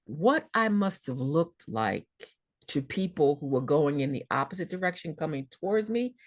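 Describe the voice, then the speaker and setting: Low-voiced woman telling a vivid story. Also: moderate pace, dry recording, clean studio sound. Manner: vivid, expressive storytelling with repeated words. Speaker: guest storyteller. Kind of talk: personal storytelling in a podcast interview.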